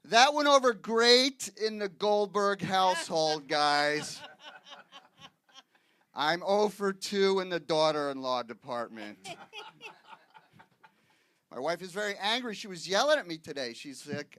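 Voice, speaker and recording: A Boston man with a high, expressive, slightly bright voice performs stand-up as a guest comic at a live comedy show with an audience. His delivery is punchy and wisecracking at a measured pace with long pauses, and he keeps checking in with the crowd through frequent "okay, guys?" asides.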